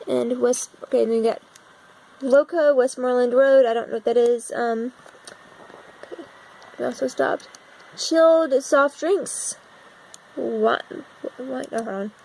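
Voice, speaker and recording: A young American woman browses a map on her computer and wonders aloud about it for a casual vlog, recorded on a phone set against her laptop. Her fairly high, darkish voice moves at a measured pace, with vocal fry and frequent pauses. The rough recording carries a little hiss or hum.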